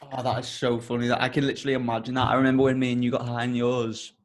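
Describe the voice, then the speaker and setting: A young man hosting a podcast and telling a rambling story in an animated, casual way, swearing often. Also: medium pitch, rapid-fire. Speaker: podcast host.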